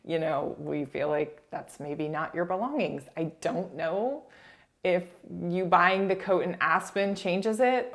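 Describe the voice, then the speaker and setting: A woman with a notably low voice gives loose, casual commentary on a reality show. She talks in a chatty way, full of little asides and laughs. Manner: chatty, frequent "like", laughs while talking. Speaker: reality TV recap YouTuber.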